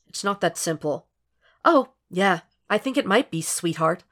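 A woman's voice: fairly low pitch, animated, a little slow, a bit bright. A woman voicing a hurt, angry young man who is a father, pushing hard and confrontational in an audiobook. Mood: fed up.

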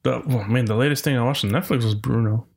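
A man's voice: mid-range voice, fast talker, gravelly, darkish tone, a little hiss or hum. A man in casual podcast chat, retelling movie scenes in a loose, rambling way with a laugh.

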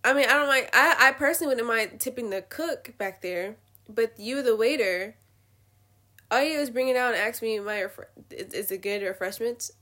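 A woman's voice: fairly high pitch, normal speed. A young woman giving blunt, profane opinions in a casual rant to the camera. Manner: blunt, swearing, animated ranting. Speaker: vlogger.

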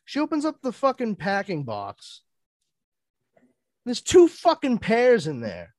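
Male podcast panelist, animated and profane storyteller, slightly high, very lively pitch. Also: a little slow, no room sound, clean studio sound.

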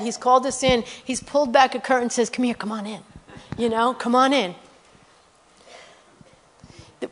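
In an earnest, conversational sermon about her missionary work, a medium-pitched woman frequently adds "you know" and "okay?" and reads scripture rapidly.

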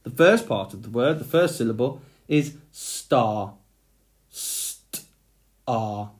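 Man, phonics teacher, unhurried careful delivery, mid-pitched voice, patient. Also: expressive. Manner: slow, patient, sounding out letters. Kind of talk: phonics lesson for young children.

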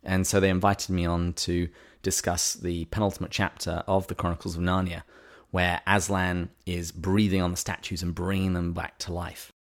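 This is a man, co-hosting a relaxed podcast conversation. His voice sits quite low, and his delivery is wry and playful. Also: moderate pace. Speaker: podcast co-host. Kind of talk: casual podcast chat.

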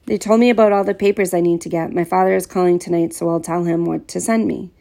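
This is a polite young boy in a storybook, earnest and eager to please, with a nervous edge. A woman reads him aloud, lifting her low, gravelly voice higher, though it stays dark and mellow in tone. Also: steady tone, fast. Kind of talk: audiobook character voice.

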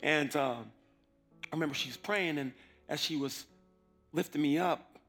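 A man's voice: fairly high pitch, normal speed, fairly bright tone, faint music behind. A man telling a personal faith story in a casual way, acting out his own past words as quotes. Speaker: person giving a testimony.

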